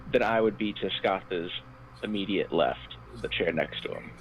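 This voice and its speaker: A man's voice: sits low, expressive, moderate pace, a little hiss or hum. A man playing a tabletop game, describing his character's actions in a playful way. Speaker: player. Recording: dull lo-fi mic.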